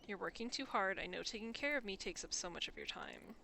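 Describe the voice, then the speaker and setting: A woman's voice: mid-range voice, animated, fairly quick, creaky, background noise. A woman reading a dying old father, tender.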